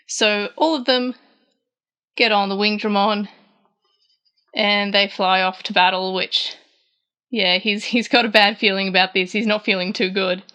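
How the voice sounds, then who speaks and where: A woman's voice: medium pitch, bright, forceful tone, smooth. A woman hosting a casual recap show, retelling scenes in a chatty way and lifting her voice for the quoted lines. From Australia. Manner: frequent fillers and restarts, chatty. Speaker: podcast host recapping a manga chapter.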